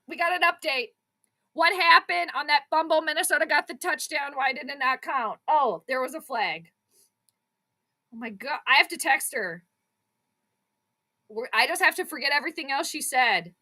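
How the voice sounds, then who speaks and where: A young adult woman hosting a live sports stream, reacting to the game in an excitable, exclamatory, chatty way. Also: sits high, normal speed, long pauses. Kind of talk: live play-by-play reaction commentary.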